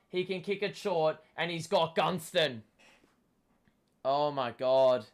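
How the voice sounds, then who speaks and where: A young man, hoarse from shouting, gives a live fan commentary of a football match, swearing and yelling at the play. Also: fairly high pitch, slow pace. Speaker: watchalong host.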